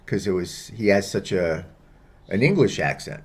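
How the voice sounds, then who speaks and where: A man's voice: deep voice, animated, normal speed, breathy edge. A man co-hosting a political podcast in casual chat, dropping wry, joking asides. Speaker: podcast co-host.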